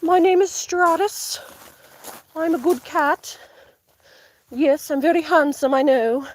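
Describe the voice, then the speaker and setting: A dignified, vain tomcat speaks with a light British accent, posh and pleased with himself, as a woman puts him on. His voice is high and unhurried. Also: fairly even intonation, slight background noise, low-quality recording. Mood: smug. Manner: posh, self-satisfied, slow. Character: dignified, vain, handsome male cat.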